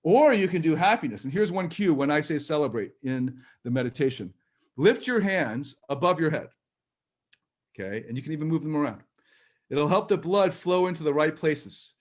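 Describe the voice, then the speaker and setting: A man's voice: a little high, lively intonation, normal speed. Give me a man giving reassuring, chatty instructions in a live online coaching session. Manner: gentle, encouraging, reassuring; chatty, with light laughs and restarts. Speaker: personal growth coach. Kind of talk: live-streamed workshop instruction.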